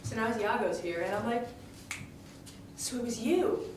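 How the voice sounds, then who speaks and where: A woman's voice: on the high side, measured pace, over music. A woman telling a story in character in a chatty, indignant way, full of fillers and restarts. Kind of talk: in-character monologue retelling a tragedy. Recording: echoey room, distant mic, faint ambience.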